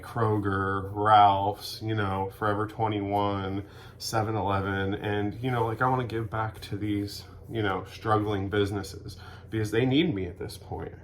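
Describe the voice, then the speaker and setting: A man in a rambling, deadpan comedic monologue, sarcastic and profane, acting out both sides of made-up conversations. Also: on the low side, a little hiss or hum. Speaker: vlogger.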